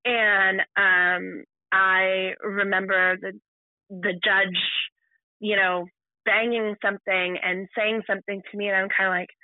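A woman guest on a podcast, telling a personal story in a halting way, full of restarts and fillers. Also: mid-range voice, level tone, no echo. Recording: tinny phone-like line.

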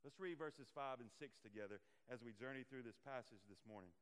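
A man's voice: mid-range voice, brisk, fairly bright tone, clean tone, big-room sound. A man preaching a sermon as pastor, earnest, with swelling and falling emphasis and repeated phrases.

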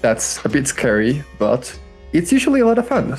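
A man hosting and narrating a tabletop game as dungeon master, with lively jumps in pitch on key words. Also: a little slow, breathy edge, soft background music.

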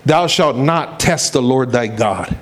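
A man's voice: mid-range voice, expressive, pitched below the performer's own voice, natural voice. A male preacher voicing Jesus firmly rebuking a tempter within a sermon. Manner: firm, measured rebuke. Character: Jesus, calm firm male teacher.

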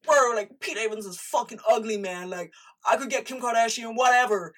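A woman imitating a crude, excitable young man who swears in disbelief. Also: high-pitched, normal speed, recorded from a distance, voice pushed up. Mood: incredulous. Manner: shouty, swearing, full of disbelief. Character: baffled young male bro, crude and excitable.

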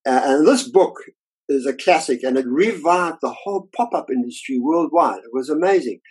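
An older man, an illustrator, telling lively anecdotes about his career in a casual interview and acting out the voices of people he quotes. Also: a little high, moderate pace, slightly rough, poor audio.

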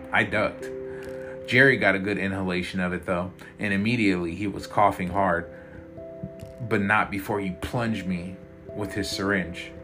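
Man telling a scary story, fairly low voice, intense, guitar music playing under it. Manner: dramatic, intense. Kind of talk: first-person horror story narration. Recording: loud guitar music behind.

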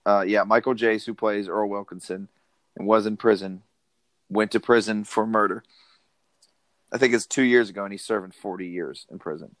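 A man's voice: lowish voice, steady tone, normal speed, no echo. Male podcast co-host, blunt opinions, dry, close recording. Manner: opinionated, plain-spoken, brings prepared facts. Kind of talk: casual movie chat.

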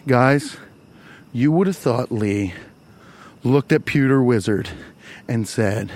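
A man telling a profane story in an animated way, jumping into high mocking voices when he quotes people. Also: slow pace, long pauses.

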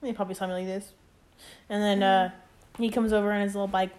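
A woman's voice: mid-range voice, flat delivery, quick pace, a little mellow. Young woman co-host, casual and chatty, mid-range voice, loose storytelling. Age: 20s. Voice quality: chatty, peppered with "like" and acted quotes. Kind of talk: casual chat.

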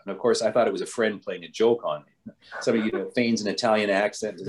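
Low-voiced older bishop reminiscing. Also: male voice, steady tone, fast. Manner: rambling, with frequent restarts and fillers. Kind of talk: storytelling in an interview.

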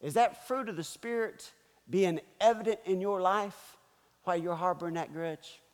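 A man voicing God as a calm, gentle questioning father, in a soft, hushed, coaxing tone. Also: high voice, normal speed, in a large hall, lightly acted. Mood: gently probing.

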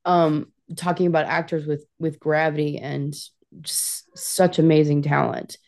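Rich: A woman co-hosting a casual film podcast, her voice sitting a little low. She talks with bubbly enthusiasm and now and then slips into a playful put-on accent. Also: steady tone, unhurried, gravelly, a little mellow. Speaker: podcast co-host.

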